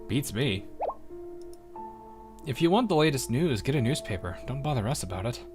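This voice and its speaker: A man reading the lines of dismissive female police school students in a game, in a flat deadpan. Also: medium pitch, moderate pace, over music, lightly acted.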